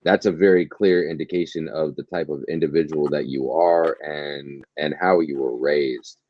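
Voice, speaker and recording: A man hosting an interview, speaking in a measured, reflective way and affirming his guest. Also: rumbling low, fairly even intonation. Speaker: host. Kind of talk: interview conversation. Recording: dull lo-fi sound with faint noise.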